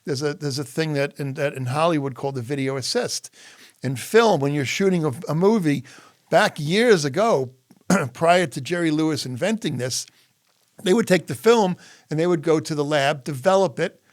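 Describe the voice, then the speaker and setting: A man's voice: fairly high pitch, normal speed, no echo, clean studio sound. A middle-aged man, a guest on an interview show, telling stories in a conversational way and acting out the quoted dialogue. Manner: animated, acts out quoted dialogue. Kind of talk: conversational storytelling.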